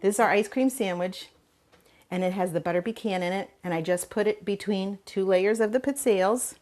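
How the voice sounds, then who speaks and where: Older lady cooking show host, chatty and gushing over her desserts, mid pitch. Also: fairly quick, darkish tone. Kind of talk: cooking demonstration chat.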